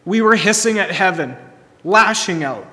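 A man delivers a storytelling sermon, dropping to hushed tones then rising to emphasis. His voice is bright and a little high. It rings out with the long reverb of a large hall. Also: expressive, normal speed. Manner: storytelling, swings from soft to emphatic. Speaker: pastor.

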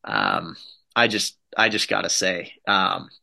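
A man delivering a motivational talk in a bright, forceful voice that sits a little low. He drives each point home with short, repeated, emphatic phrases. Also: very animated, slow, gravelly. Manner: emphatic, punchy repetitive phrasing. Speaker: motivational speaker.

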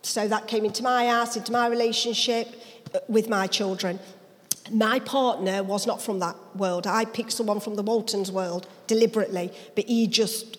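A woman pastor from England, telling her life story as an interview guest in a church, acting out the voices of people in it. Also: on the high side. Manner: lively dialect storyteller, acts out voices. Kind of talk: personal testimony storytelling. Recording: reverberant church hall.

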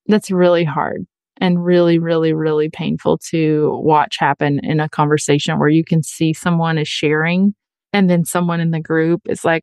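A woman's voice: low voice, flat delivery, normal speed, a little mellow, no room sound. A woman hosting an advice podcast, talking earnestly and chattily and acting out the voices she quotes. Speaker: podcast host. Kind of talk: casual advice podcast monologue.

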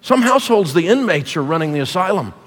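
A man's voice: high voice, big pitch swings, fast talker. A middle-aged man preaching as a guest speaker to a church congregation, folksy, punchy and jokey. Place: church auditorium. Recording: long reverb of a large hall.

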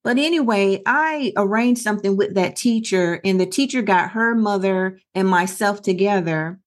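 A middle-aged woman co-hosts a casual podcast, her voice sitting at a medium pitch. She tells stories earnestly and acts out the other people's lines as she goes. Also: normal speed. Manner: earnest storytelling with quoted dialogue. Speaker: podcast co-host.

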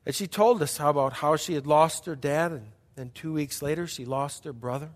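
A middle-aged male pastor preaching a sermon as a story, emphatic and repetitive, dropping to hushed passages between bursts. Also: fairly high pitch, normal speed. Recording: long hall reverb.

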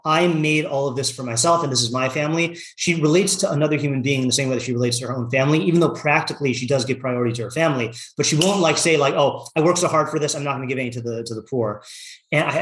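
A man's voice: fairly high pitch, a bit bright. Man teaching in an echoey room. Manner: conversational, frequent fillers like "like" and "you know"; reads Hebrew passages aloud and translates them. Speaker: Torah class teacher. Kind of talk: casual Torah lesson.

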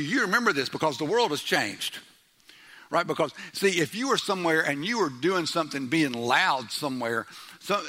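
A middle-aged man preaching a sermon in church, loud, animated and joking. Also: on the high side, breathy edge. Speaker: pastor.

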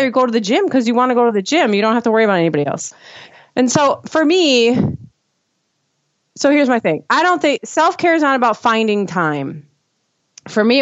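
A woman's voice: on the high side, no echo. Chatty mother, dull dry recording. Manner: animated, rambling, many fillers and restarts. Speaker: mother of two sharing parenting experience. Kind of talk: casual podcast conversation.

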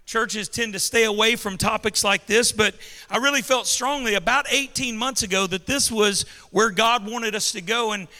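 Preaching at a normal speed, a male pastor gives an emphatic sermon in a very high, piercingly bright voice. He calls out to the congregation and has them repeat his lines in a call-and-response style, while a long reverb carries his voice through a large church hall.

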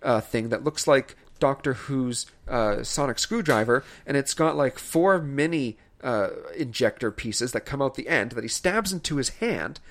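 A man co-hosting a podcast, ranting in casual chat with animated exasperation and laughter. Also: mid-range voice, moderate pace, hardly any pauses. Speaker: podcast co-host reviewing films.

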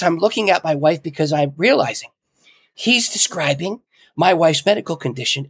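A middle-aged man, a podcast guest, telling a story in an animated way with frequent chuckles. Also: a little high, husky, dry recording. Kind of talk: casual storytelling in an interview.

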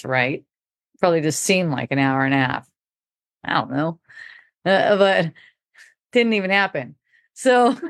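A middle-aged woman with a fairly low voice tells a personal story in a loose, casual way. She laughs often and acts out the lines people said. The sound is dry and close. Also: no echo. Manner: relaxed, laughing often, acting out quoted talk. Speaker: podcast speaker.

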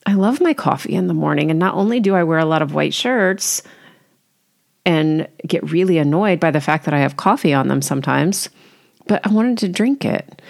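Middle-aged woman podcast host, low gravelly voice, wry and candid. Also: a little mellow. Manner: chatty and candid, wry, self-deprecating. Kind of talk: casual solo podcast talk.

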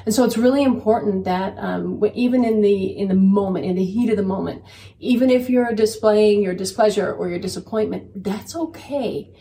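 A woman's voice: medium pitch, moderate pace, mellow. A woman in her thirties talking earnestly about faith and parenting and telling a personal story, repeating phrases for emphasis. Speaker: podcast co-host. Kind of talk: faith-based parenting chat. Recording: roomy, distant mic, faint background noise.

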